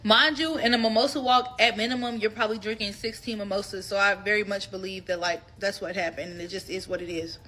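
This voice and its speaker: A woman in her twenties casually telling a personal story to her viewers, candid, animated and freely profane. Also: medium pitch, quick pace, hardly any pauses, slight background noise. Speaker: storytime vlogger.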